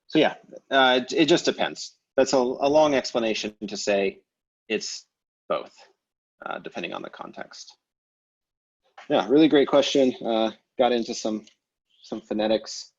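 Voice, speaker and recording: A man teaching a language class over a video call, explaining grammar in a relaxed way with many fillers and restarts. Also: on the low side, lo-fi sound. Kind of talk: online class lecture.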